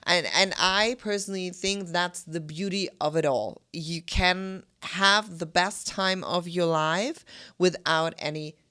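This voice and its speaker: A woman's voice: fairly low pitch, unhurried, sharp tone, smooth. A woman from Germany with a German accent, telling stories easygoingly as a podcast guest. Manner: easygoing storyteller, matter-of-fact. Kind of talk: casual chat.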